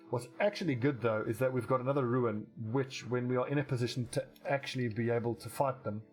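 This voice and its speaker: A man giving casual, rambling commentary while playing a strategy game, swearing casually and restarting his sentences. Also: medium pitch. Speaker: let's play commentator.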